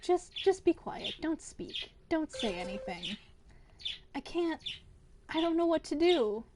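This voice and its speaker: A woman's voice: high voice, big pitch swings, takes it slowly, background noise, pitched above the performer's own voice, full character voice. A woman voicing a distraught space station AI, reading game dialogue aloud in frantic, pleading outbursts. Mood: hurt.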